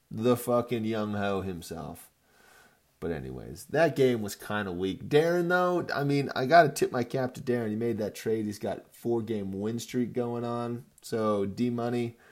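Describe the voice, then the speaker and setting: A man's voice: on the low side, darkish tone. Rambling profane man in his thirties. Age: 30s. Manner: rambling, profane, jokey trash talk. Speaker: fantasy football league commissioner recapping the week. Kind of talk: casual profane recap video.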